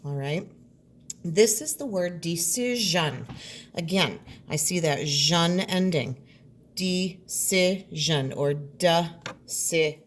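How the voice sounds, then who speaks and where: A woman teacher with a low, unhurried voice, carefully sounding out each word for her students. She speaks at a slow, deliberate pace. There is a faint hiss of noise behind her. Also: animated. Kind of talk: recorded classroom lesson.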